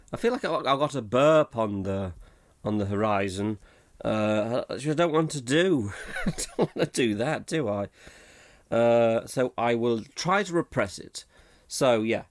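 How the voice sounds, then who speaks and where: A man chatting alone at his desk for a podcast at a middling pitch. He wanders off topic, laughs at his own mistakes and keeps up a loose, self-mocking patter. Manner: rambling and self-mocking, laughs often at himself. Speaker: podcast host. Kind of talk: casual solo podcast chat.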